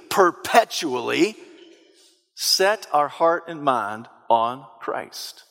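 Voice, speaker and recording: In a church sanctuary whose large-hall acoustics leave a long reverb trailing after each word, a male pastor gives an emphatic, repetitive sermon. His voice is fairly high and a bit bright, occasionally rising into a sung preaching cadence.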